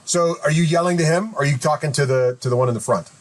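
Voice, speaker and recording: Relaxed man running a tabletop game. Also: fairly high pitch, fast talker. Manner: casual, hesitant with many fillers. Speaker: dungeon master.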